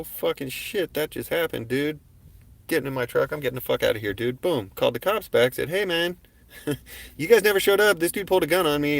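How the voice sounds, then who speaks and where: A man hosting a livestream, telling a personal story in a casual, profane way and acting out the exchanges in it. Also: medium pitch. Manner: profane, animated, acts out quoted exchanges loudly. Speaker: livestream host.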